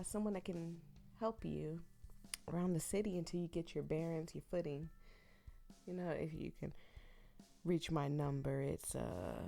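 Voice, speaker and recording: A woman's voice: deep voice, gravelly, a little mellow. A woman playing a dating game, reading the story aloud and reacting in gushing, giggly asides. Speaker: let's play streamer.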